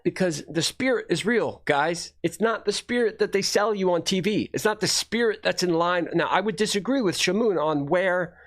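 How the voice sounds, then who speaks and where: A man's voice: sits high, lively intonation, moderate pace, hardly any pauses. A man streaming casual commentary on videos he watches, blunt, rambling and profane.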